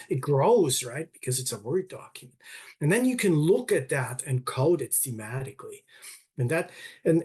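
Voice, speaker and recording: Speaking in a mid-range voice with a darkish tone and a breathy edge, a man gives an online conference talk and Q&A about his research over a video call. He explains things at length but hesitates, often restarting and using filler words.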